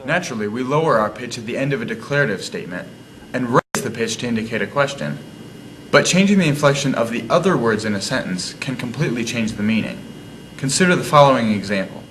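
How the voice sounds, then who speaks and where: A male student narrating a class video in a measured, explanatory way. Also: mid-range voice, lively intonation, a bit bright, slight background noise. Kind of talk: scripted narration.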